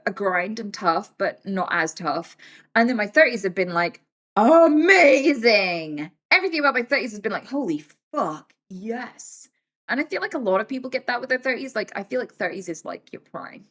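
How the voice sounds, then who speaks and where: A woman in her thirties talks straight to her stream viewers in a loose, chatty way. She swears freely and keeps her voice lively, even slipping into other people's voices to act out what they said. Her pitch sits in the middle of the range. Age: 30s. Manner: animated and swearing, acts out quoted voices. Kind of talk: casual live-stream chat.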